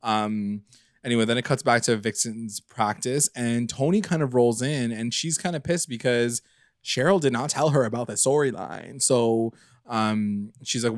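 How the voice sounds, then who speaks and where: Male co-host, casual recap chat, animated storyteller, dry close sound. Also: mid-range voice, moderate pace, no echo. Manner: chatty, animated, acts out characters' lines mid-story. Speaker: podcast co-host.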